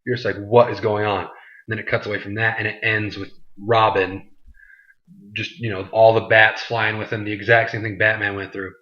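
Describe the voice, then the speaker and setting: A man's voice: lowish voice, level tone, normal speed, sharp tone. A man hosting a vlog, recapping a movie in a loose, rambling way full of "like" and "you know". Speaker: vlog host reviewing a movie. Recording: dull lo-fi sound.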